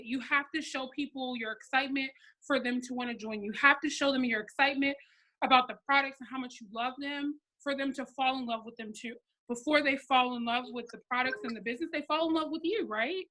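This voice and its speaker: A woman in her thirties giving a blunt, sassy and animated motivational pep talk to her sales team on a live stream. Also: sits high, a little fast. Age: 30s. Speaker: network marketing team leader.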